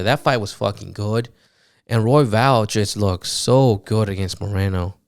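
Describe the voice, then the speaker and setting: A man recapping fights on his podcast in a loose, animated monologue, swearing often and full of fillers. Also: on the low side, unhurried, creaky, no room sound, clean studio sound. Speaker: podcast host.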